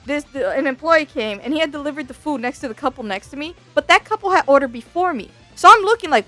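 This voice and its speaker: High-voiced woman ranting a storytime. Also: quick pace, few pauses, no room sound. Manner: profane, exasperated, animated. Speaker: vtuber storyteller. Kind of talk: casual storytime rant. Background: faint background music.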